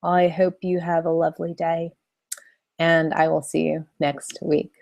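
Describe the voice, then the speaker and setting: A woman's voice: sits low, little pitch movement, a little slow, vocal fry, darkish tone, no room sound. A woman coaching in a casual video training, chatty and loose with many fillers. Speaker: online business coach.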